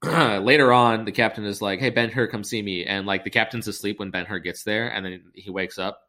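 A man's voice: lowish voice, a little fast, sharp tone. A man hosting a podcast, retelling a film in a rambling, sarcastic and profane way. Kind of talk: comedic film recap.

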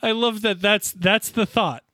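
A man co-hosting a podcast, chatting about a TV episode with quick, animated reactions and easy laughter. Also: high voice, no room sound, clean studio sound. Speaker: podcast co-host. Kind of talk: casual episode recap chat.

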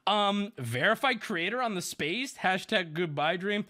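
Animated, bright-voiced male streamer. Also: sits high, measured pace. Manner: animated, profane, sarcastic storytelling. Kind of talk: casual commentary.

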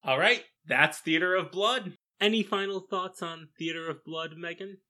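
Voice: medium pitch, normal speed, sharp tone. A co-host of a casual film review podcast who adds wry quips.

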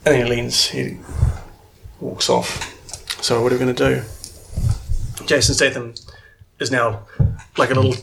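Man, game master, mid-pitched, rambling narration. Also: level tone, unhurried, vocal fry, long pauses, fairly bright tone, slight background noise. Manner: rambling, with many fillers.

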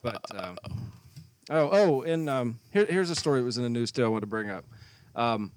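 A man's voice: medium pitch, animated, normal speed. A man co-hosting a podcast, telling a story in casual chat and acting out both sides of an argument. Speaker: podcast co-host.

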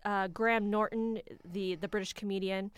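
Smooth-voiced American woman reviewing a film. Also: mid-range voice, fairly even intonation, normal speed, dry recording. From United States. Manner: opinionated, laughs often. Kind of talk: casual film review chat.

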